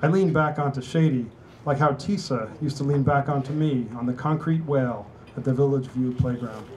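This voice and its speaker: A man's voice: medium pitch, moderate pace, a little hiss or hum, low-quality recording. A man, an author, reading his novel aloud in a wry, conversational storytelling manner at a book party. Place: indoor venue at a book party.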